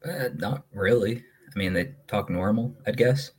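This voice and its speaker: A man's voice: fairly low pitch, a little slow, breathy edge. A young man from Maine, co-hosting a podcast and telling stories in a rambling, easygoing way with lots of fillers. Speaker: podcast co-host. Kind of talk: casual chat.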